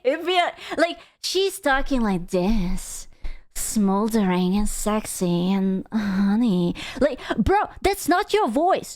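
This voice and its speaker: A young adult woman streamer giving casual reaction commentary, animated and exclaiming with quick asides. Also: high-pitched, no room sound. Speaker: VTuber streamer.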